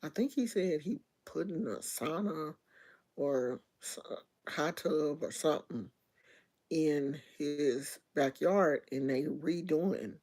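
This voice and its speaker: Slow-talking chatty woman livestreaming. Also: deep voice, darkish tone. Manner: chatty, storytelling, talks to viewers directly; loose slangy speech with many restarts. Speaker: livestream host. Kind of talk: casual livestream chat.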